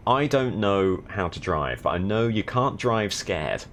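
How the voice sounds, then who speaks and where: Deep-voiced man with dry, sardonic commentary. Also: very animated, measured pace, a bit bright, slight background noise. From south of England. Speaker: streamer. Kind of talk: casual gaming stream chat.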